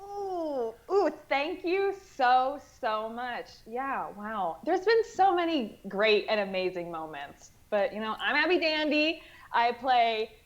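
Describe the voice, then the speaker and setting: A woman's voice: fairly high pitch, big pitch swings, unhurried, highs cut off. A woman in the cast of a tabletop game stream, talking in a bubbly, effusive way. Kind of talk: casual chat on a livestream.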